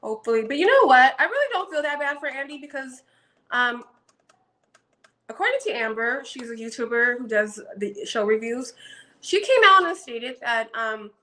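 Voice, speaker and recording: A woman's voice: high voice, sing-song, normal speed, pushed and bright, poor audio. A woman casually recapping a reality show for her channel, chatty and gossipy with frequent ums.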